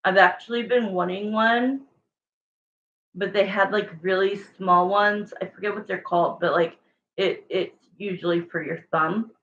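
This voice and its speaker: A woman's voice: mid-range voice, fairly even intonation, measured pace, fairly bright tone, muffled recording. A woman doing a casual livestream tarot reading, chatty and rambling, often stopping to correct herself while answering viewers. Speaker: tarot reader.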